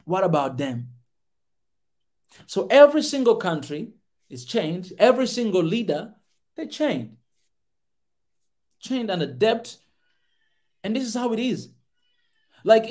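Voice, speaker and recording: A man's voice: high-pitched, darkish tone. A male podcast host giving passionate commentary on a video, emphatic and repeating his key words again and again.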